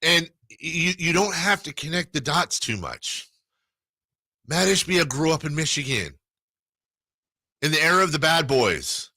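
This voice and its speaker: A man hosting a sports radio show, telling animated stories in casual banter. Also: a little high, no echo. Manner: animated storyteller, excitable, quick asides. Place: radio studio.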